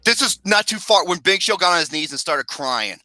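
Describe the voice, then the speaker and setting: A man hosting a casual ranking chat, ranting with plenty of profanity in an animated, exasperated way. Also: high-pitched, fairly quick, no echo. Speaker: podcast host.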